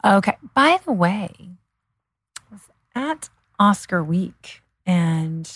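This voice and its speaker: A woman's voice: fairly low pitch, drawn-out words, husky, no room sound. Gushing woman podcast co-host, dry sound. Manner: gushing, excitable, trails off mid-sentence. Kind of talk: casual chat.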